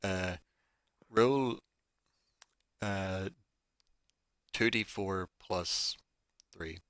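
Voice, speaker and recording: A man's voice: deep voice, drawn-out words, a bit bright, no echo. A man running a tabletop game as game master, narrating the action casually and peppering it with "like". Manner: casual, filler-heavy narration with frequent "like".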